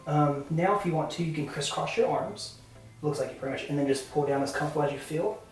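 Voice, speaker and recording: A Southern American woman photographer talks a client through poses in a bright, chatty way. She sounds distant in a very echoey studio. Faint music plays behind her. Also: low-pitched, fast. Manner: upbeat, chatty coaching with many fillers. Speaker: boudoir photographer. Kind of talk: directing a photo shoot. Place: indoor photo studio, roomy. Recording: echoey room, mic far off, faint music.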